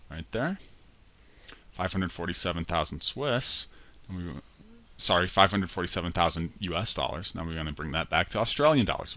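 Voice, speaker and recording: A man's voice: sits low, pushed and bright. A male instructor talking through a spreadsheet tutorial in a conversational way, correcting himself as he goes. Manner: conversational, walks through steps aloud with self-corrections. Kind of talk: screen-recorded spreadsheet tutorial.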